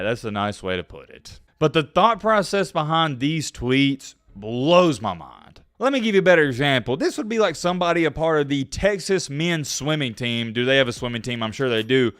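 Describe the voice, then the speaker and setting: A man with a fairly high voice rants bluntly, his pitch leaping up and down as he hammers his points home. He sounds dismissive and emphatic. The recording is dry and close, with no room sound. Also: fairly bright tone, clear, resonant tone, no echo. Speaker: sports channel vlogger. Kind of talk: opinion rant to camera.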